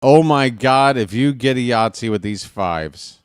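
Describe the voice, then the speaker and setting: A man hosting a live stream, trash-talking his opponents in a dice game, swinging from muttering to excited yelling. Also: mid-range voice, measured pace, clear, resonant tone, no room sound, clean studio sound. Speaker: streamer and play-by-play host. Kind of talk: casual live-stream commentary while playing a dice game.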